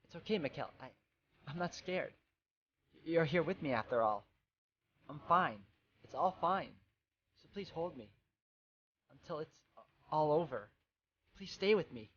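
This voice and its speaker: A man's voice: fairly high pitch, expressive, measured pace, pauses often, slightly rough, lo-fi sound, exaggerated voice. A man voicing a frightened, tender young woman. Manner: soft, faltering, stammering.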